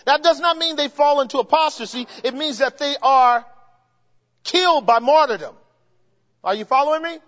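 A man preaching a sermon, emphatic, swinging between shouts and low murmurs and asking the congregation rhetorical questions. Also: normal speed. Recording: dull sound with long hall reverb.

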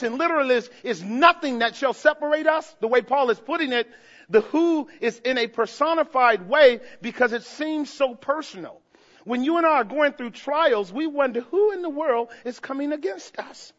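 Impassioned high-voiced male preacher. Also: lo-fi sound. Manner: impassioned preaching that swings from soft asides to shouting. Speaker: pastor. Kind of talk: sermon.

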